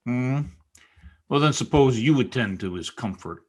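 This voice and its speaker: A man's voice: mid-range voice, expressive, measured pace, darkish tone. A man playing a brooding, harsh master of a moorland house in an old-time radio drama, speaking curtly. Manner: curt, gruff. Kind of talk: 1930s-style radio drama acting.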